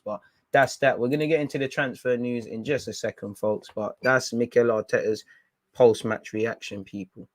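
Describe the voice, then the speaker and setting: A man with a London accent hosting a football fan channel, chatting casually and excitably with plenty of slang. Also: mid-range voice, no echo. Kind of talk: casual fan reaction commentary.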